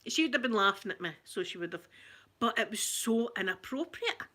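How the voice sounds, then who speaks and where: A Scottish woman hosting her channel, telling a story in an animated, chatty way that keeps breaking into laughter. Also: medium pitch, normal speed. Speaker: ASMR channel host. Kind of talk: casual storytelling.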